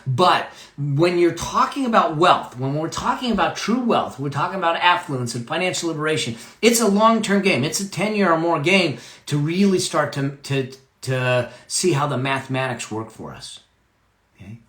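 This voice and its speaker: A man's voice: fairly high pitch, animated, normal speed, fairly bright tone, reverberant. A man giving a live motivational talk about money, emphatic, repeating key phrases and checking in with "okay?".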